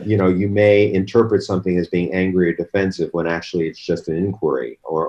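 A man who is a guest on a talk show, explaining things in an animated way with many fillers. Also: low voice, low-quality recording. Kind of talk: casual talk show conversation.

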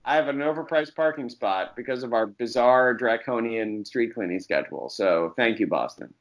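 A man telling stories as a guest in a casual chat, animated and profane, acting out quotes between bursts of laughter. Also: medium pitch, moderate pace. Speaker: guest comics writer.

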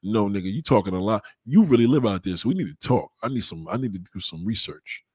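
A young man hosts a casual livestream and talks straight to his viewers. His delivery is rambling and profane, full of street slang and shout-outs. His voice sits fairly low and the sound is dry, with no room around it. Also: lively intonation, fast, breathy edge, dry recording. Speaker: livestream host.

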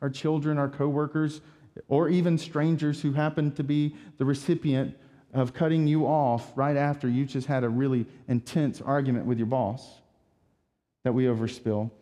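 A man preaching a sermon as pastor, talking in a conversational, animated way with rhetorical asides. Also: mid-range voice, normal speed, in a large hall.

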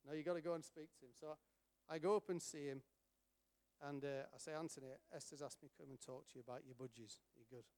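A middle-aged man telling an animated story to an audience, acting out the voices of the people in it. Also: on the high side, fast talker. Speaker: speaker at a charity event. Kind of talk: storytelling talk.

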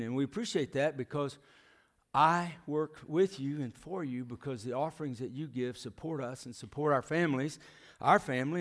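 Folksy man preaching in church, middle-aged, keeps asking the crowd questions. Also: medium pitch. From United States. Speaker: visiting missionary preacher. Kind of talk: sermon. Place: church sanctuary.

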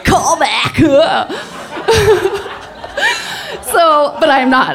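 A woman's voice: fairly high pitch, lively intonation, unhurried, noisy background. A woman telling a comic personal story, often laughing through her words and restarting her sentences. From Texas.

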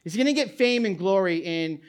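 A middle-aged male pastor preaching a sermon in an animated way, repeating words and restarting, booming out when he reads scripture aloud. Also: brisk, clear, resonant tone.

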